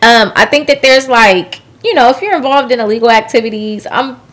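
A woman's voice: fairly high pitch, a little fast, fairly bright tone. A woman hosting a podcast in casual chat, reflective and rambling, often asking "you know what I mean". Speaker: podcast host.

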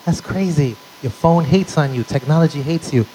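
A man's voice: on the high side, normal speed, dark tone, slight background noise, rough recording. A young man doing a stand-up comedy set, telling punchy, profane stories to a live audience. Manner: brash, profane, punchy storytelling. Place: live show venue with audience.

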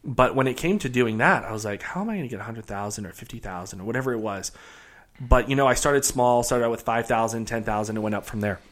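A man guest on a podcast, telling a story in a casual, animated way with many restarts. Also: medium pitch, quick pace. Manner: animated, lots of fillers and restarts. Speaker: podcast guest, real estate investor.

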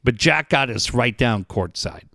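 Man, casual podcast chat, lively pitch, dry sound, swears a lot. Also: measured pace, gravelly, no echo. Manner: profane, animated storyteller.

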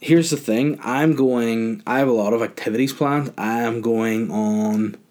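Young Northern Irish podcast host, mid-range voice, crude rambling humor. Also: male voice, medium pitch, unhurried, darkish tone. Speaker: podcast host answering listener questions. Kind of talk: casual chat.

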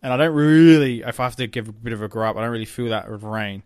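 A man's voice: medium pitch, fast, a little mellow, smooth, no echo, clean studio sound. A young man co-hosting a podcast in casual chat, rambling with many ums and some swearing. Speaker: podcast co-host.

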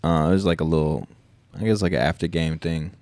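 A man's voice: a bass voice, fairly even intonation, brisk, darkish tone, dry recording. A man co-hosting a podcast, telling stories in a laid-back, profane, casual way. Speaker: podcast co-host and DJ. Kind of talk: casual chat.

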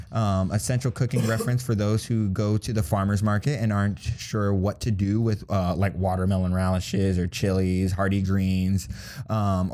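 A young man talking casually on a podcast, with a low, dark, mellow voice. He rambles and restarts, fills gaps with ums, and breaks into laughs often. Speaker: podcast co-host. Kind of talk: casual chat.

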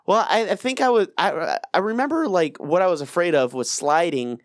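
A man's voice: high-pitched, animated, normal speed, no echo, clean studio sound. A man co-hosting a casual chat, telling a childhood story in a laid-back, profane way. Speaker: podcast co-host.

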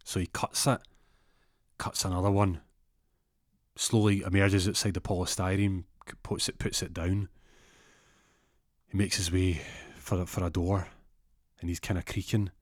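A man's voice: low voice, little pitch movement, normal speed, long pauses, no room sound, studio quality. A young adult man telling a story casually, rambling and profane, with frequent restarts.

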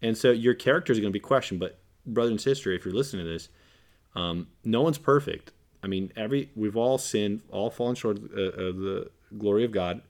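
A man's voice: on the low side, a little fast, a little mellow. A man talking as a podcast guest, earnest and preachy, repeating phrases for emphasis and acting out quoted lines. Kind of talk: casual podcast discussion.

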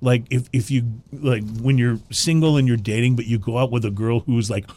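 A man's voice: medium pitch, steady tone, normal speed, dark tone. A man hosting a casual chat show, laughing often and restarting his sentences. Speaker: podcast host.

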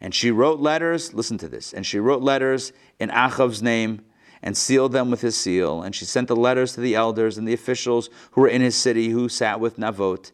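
A rabbi teaching a live class, reading a text aloud and explaining it in a lively, playful way, acting out the quotes. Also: male voice, mid-range voice, brisk. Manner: lively, acts out the quotes with playful modern paraphrase.

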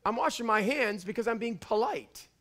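A man from Canada with a Canadian accent, preaching a fiery sermon in church and often shouting. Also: high-pitched, animated, moderate pace. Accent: Canadian English. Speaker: pastor. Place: church before a congregation.

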